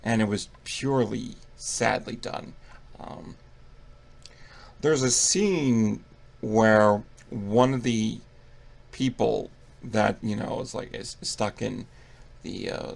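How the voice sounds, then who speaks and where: A man's voice: medium pitch, vocal fry. A young man giving a casual movie review, profane, rambling and mocking.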